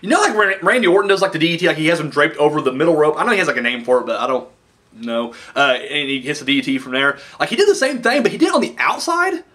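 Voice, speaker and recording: A young man casually recapping a wrestling show, excitable and rambling, with some swearing. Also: fairly high pitch, very fast.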